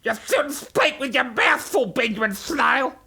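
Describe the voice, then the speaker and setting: Man putting on a grumpy little ant, whiny children's storybook voice, bright, gravelly edge. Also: extremely high pitch, unhurried, pitched above the performer's own voice, full character voice. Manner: whiny and sulky. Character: cross, grumpy young male ant.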